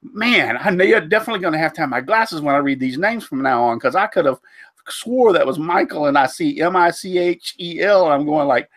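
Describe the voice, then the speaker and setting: A man's voice: on the high side, expressive, brisk, a bit bright, no room sound. A man, congested from a cold, hosting a casual woodworking live stream with a rambling manner, lots of fillers and tripping over names. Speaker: host of a woodworking live show.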